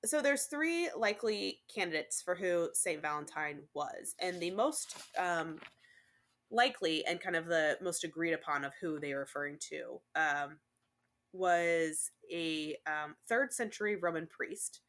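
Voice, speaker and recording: A woman co-hosts a relaxed podcast, half chatting and half reading from a summary. She stops often to say um and uh, and her throat sounds a little dry. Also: fairly low pitch, a little slow. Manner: chatty, reads notes with many ums. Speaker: podcast co-host. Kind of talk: casual chat.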